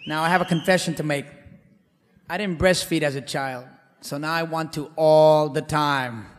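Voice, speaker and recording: A man performing a comic stage monologue in a theater, telling his story with animated swings between loud and hushed delivery. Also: on the high side, moderate pace. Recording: live hall reverb, faint background noise.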